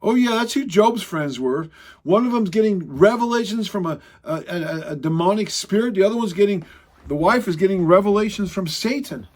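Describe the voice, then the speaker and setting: Guy preaching w a high voice, chatty and emphatic, drags out the big lines. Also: expressive. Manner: emphatic, conversational, quotes scripture with dramatic slowdowns. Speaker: Bible teacher. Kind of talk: sermon teaching.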